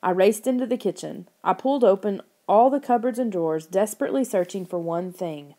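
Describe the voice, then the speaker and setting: A woman narrates an audiobook with a mellow, rounded tone. Her reading is expressive, and she lifts her voice to act out the lines of the characters. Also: mid-range voice, a little fast.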